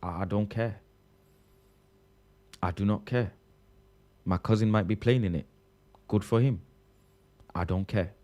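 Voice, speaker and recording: A Mancunian man with a lowish, mellow voice chats on a livestream in casual banter. He plays mock-indignant, repeating his lines and leaping up in pitch for effect before dropping back low. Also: measured pace, long pauses. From Manchester, England. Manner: playful mock-indignant, repeating himself with big pitch jumps. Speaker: live streamer reading chat.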